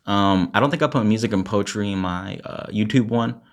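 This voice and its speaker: In a slightly fast delivery, a somewhat low-voiced young rapper and poet performs an a cappella freestyle. The verse is intense, angry, and heavy with cursing. Afterward he turns chatty, laughing and talking casually with his followers.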